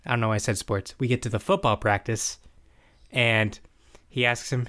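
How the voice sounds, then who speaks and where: Man, casual recap, animated, quotes characters in different voices, middle pitch. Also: normal speed. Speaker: podcast co-host recapping a show. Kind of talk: casual chat.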